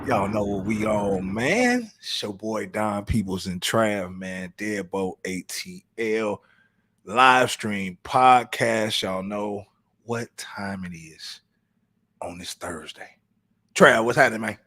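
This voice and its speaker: A man's voice: on the low side, lively intonation, slow pace, fairly bright tone, breathy edge. Middle-aged dude hosting a podcast, chill street slang, keeps restarting his thoughts. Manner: laid-back, streetwise slang, frequent restarts. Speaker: podcast co-host. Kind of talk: casual podcast chat.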